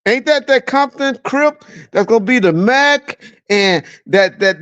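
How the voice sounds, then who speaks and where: A man hosting a live stream, reacting to a clip with loud mocking laughter and profanity. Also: high-pitched, lively intonation, measured pace, clean tone, no room sound. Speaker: live show host. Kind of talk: casual live-stream commentary. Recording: dull dry lo-fi sound.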